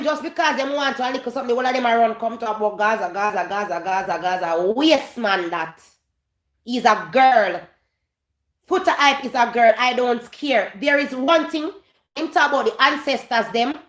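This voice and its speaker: A woman's voice: high voice, moderate pace, a bit bright, reverberant. A woman with a Jamaican accent hosting a gossip commentary vlog, emphatic and repeating her points, slipping in and out of Patois. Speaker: vlogger host.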